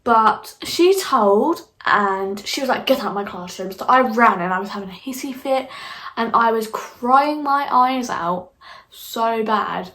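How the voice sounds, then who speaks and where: A young woman telling a school story in a casual vlog, animated, swearing freely and acting out her own reactions. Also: a little high, a little slow, poor audio. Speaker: vlogger.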